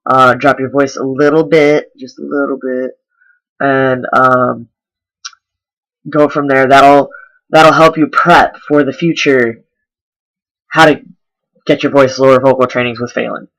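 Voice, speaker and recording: A man's voice: medium pitch, fairly even intonation, unhurried, long pauses, a bit bright, poor audio. A man vlogging a casual voice tutorial, explaining step by step with lots of ums. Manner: chatty, filler-heavy explaining. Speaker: voice coach vlogger.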